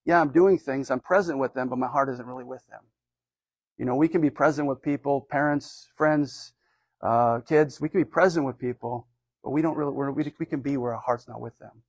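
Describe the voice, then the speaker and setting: A man's voice: mid-range voice, dry recording. Conversational man preaching a sermon. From United States. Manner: conversational, rambling with many fillers and restarts. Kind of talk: informal sermon.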